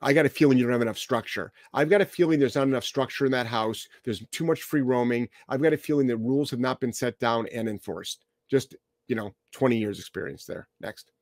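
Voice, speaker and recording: A man's voice: medium pitch, brisk, no room sound. A man hosting a podcast as a dog trainer, answering listener questions in a blunt, emphatic, profane way.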